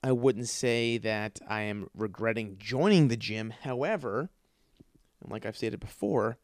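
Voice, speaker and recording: A man hosting a podcast from his apartment, ranting with constant swearing, stuttering and repeated words, jumping between yelling and mumbling. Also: on the low side, unhurried, no echo, studio quality. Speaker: podcast host. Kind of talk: profane ranting monologue. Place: his apartment, in a dark room. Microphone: studio microphone.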